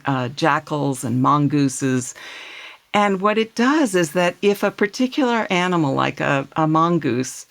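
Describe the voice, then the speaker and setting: A woman guest author answering interview questions thoughtfully, often pausing with fillers and restarting her phrases. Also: low-pitched, vocal fry. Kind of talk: conversational interview.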